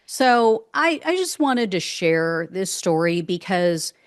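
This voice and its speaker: A woman's voice: lowish voice, sing-song, takes it slowly, dry recording, studio quality. A woman hosting solo political commentary in an indignant, sarcastic way, with exasperated outbursts.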